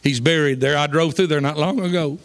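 A man preaching, telling a folksy story that builds to shouts of praise. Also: a little high, fairly quick. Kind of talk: sermon storytelling. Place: church.

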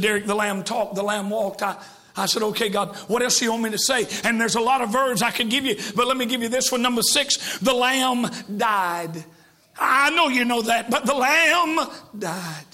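A male evangelist preaching a sermon, breaking into shouts and dropping to hushed quotes, with joking asides to the congregation. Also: very high-pitched.

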